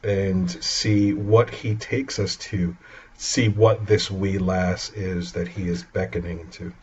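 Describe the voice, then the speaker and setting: A man playing a tabletop game who talks in a deliberate, measured way. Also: low-pitched, flat delivery, a little mellow, highs cut off, slight background noise. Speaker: player. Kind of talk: casual tabletop play.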